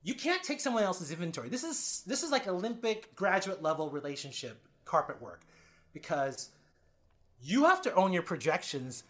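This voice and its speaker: As a guest on a podcast, a man shares frank personal stories at a normal speed. His tone veers from loud, animated bursts to quiet, low passages, and he swears openly while performing other people's words.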